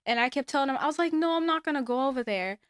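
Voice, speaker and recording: A woman casually shares a personal story, animatedly acting out other people's lines and giving emphatic advice. Her high voice comes out rapid-fire on a dry, studio-quality recording.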